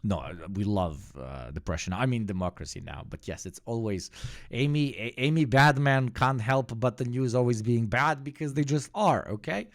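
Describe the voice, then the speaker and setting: A man's voice: medium pitch, moderate pace. A man hosting a livestream, giving casual, sarcastic and profane commentary. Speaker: livestream host.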